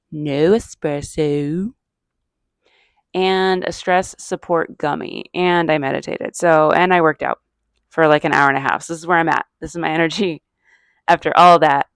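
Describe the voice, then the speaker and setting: A woman's voice: low-pitched, dry recording. A middle-aged woman from Arizona, a comedian hosting her own podcast, talking in a chatty, self-mocking ramble that wanders off topic. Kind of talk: casual rambling monologue.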